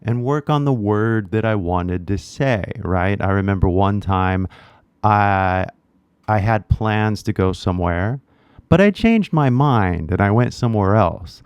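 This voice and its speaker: A man's voice: fairly low pitch, animated, a little slow, darkish tone, clear, resonant tone, dry recording, dull audio. A Californian man giving a casual spoken lesson, chatty and peppering his talk with "right?". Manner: chatty, many rhetorical "right?" tags. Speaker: language teacher.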